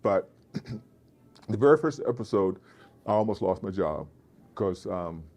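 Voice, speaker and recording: A man, an actor being interviewed, with a deep resonant voice, telling animated stories and slipping into voices. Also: unhurried. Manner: animated storyteller, slips into voices. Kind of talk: casual interview chat. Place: festival convention floor.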